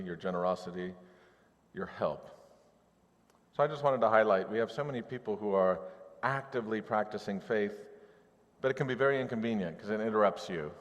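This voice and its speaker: Pastor guy giving a sermon, chatty and joking, low voice, long reverb. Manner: conversational, with humorous asides.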